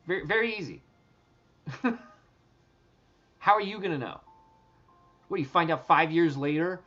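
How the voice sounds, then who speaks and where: Vlogger, male, slightly high voice, rambling and excitable, dull lo-fi sound. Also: measured pace, soft background music. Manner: rambling, excitable, swears, many restarts. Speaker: treasure hunt vlogger. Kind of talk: casual talk to viewers.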